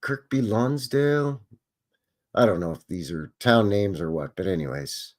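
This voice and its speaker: Male host, chatty and wry, with a very animated pitch. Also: measured pace. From Canada. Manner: chatty, joking, exclaiming at what he sees. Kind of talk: casual live commentary on old photos.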